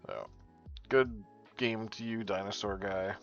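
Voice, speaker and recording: Low gravelly man rambling to chat. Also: steady tone, a little slow. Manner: rambling, swears freely, talks to chat. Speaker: streamer. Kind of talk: casual gaming commentary. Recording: dull lo-fi stream audio with faint music.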